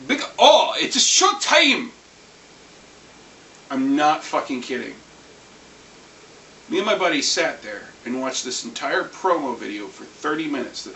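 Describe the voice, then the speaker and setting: A man ranting casually about anime, rambling and animated, swearing now and then. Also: mid-range voice, vocal fry. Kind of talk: casual rant. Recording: echoey room, far from mic, faint hiss.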